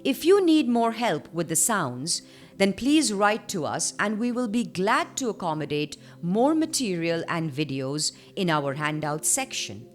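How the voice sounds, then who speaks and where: A woman delivers a scripted online lesson slowly and with care, her pitch moving in a lively way as she stresses points. Soft music plays faintly behind her voice. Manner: clear, measured teaching delivery. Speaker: trainer.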